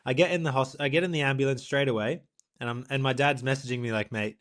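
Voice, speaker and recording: A young man, a professional triathlete, co-hosting a podcast and telling a story in a lively, animated way, acting out what people said. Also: mid-range voice, fast talker. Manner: animated storyteller, acts out quotes, laughs often. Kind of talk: casual storytelling chat.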